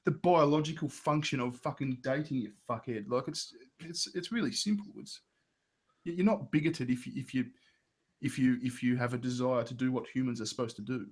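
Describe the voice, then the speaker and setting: A man's voice: mid-range voice, a little fast. A man in casual, profane chat, blunt and indignant, often stumbling over repeated words. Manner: blunt, indignant, stammering restarts.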